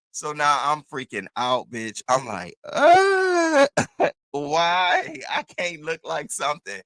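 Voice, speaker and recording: A man hosting his own channel, telling a casual story to his viewers in an animated, profane, chatty way. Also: medium pitch, no room sound. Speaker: host.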